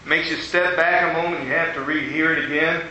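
Folksy preacher in an echoey hall. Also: male voice, on the high side, steady tone, fairly quick, sharp tone, slight background noise. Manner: folksy, storytelling, acts out quoted voices. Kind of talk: sermon with storytelling. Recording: dull, echoey hall with faint ambience.

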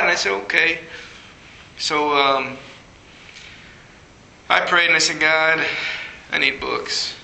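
A man preaching a sermon with a very bright, ringing voice that sits a little high for a man. He tells stories from his own life and leaps up in pitch when he quotes his younger self. The sound carries a noticeable room echo. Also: unhurried, vocal fry, long pauses. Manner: storytelling, rising high when acting out his past self.

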